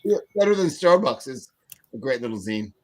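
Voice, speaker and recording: A man's voice: mid-range voice, sing-song, moderate pace, darkish tone. A man co-hosting a casual podcast chat, making playful teasing remarks. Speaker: podcast co-host.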